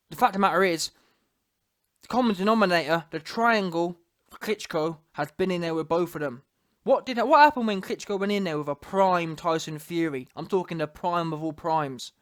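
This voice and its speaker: A man's voice: on the high side, no room sound, clean studio sound. A man, a boxing commentator ranting casually to camera, emphatic and digressive, full of street slang.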